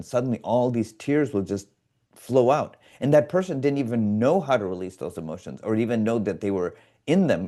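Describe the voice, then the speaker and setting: A man talks through ideas as a podcast guest, earnest and full of analogies. His voice is mellow and warm. He slips into other people's voices when he quotes them. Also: fairly low pitch. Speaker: guest, biofeedback specialist. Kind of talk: explanatory podcast interview.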